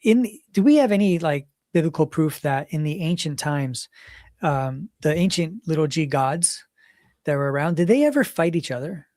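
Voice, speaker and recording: A man's voice: on the high side, lively intonation, normal speed, a little mellow, no room sound, studio quality. A young man co-hosting a podcast, asking rambling, hesitant questions full of likes and ums. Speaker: podcast co-host. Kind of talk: casual chat.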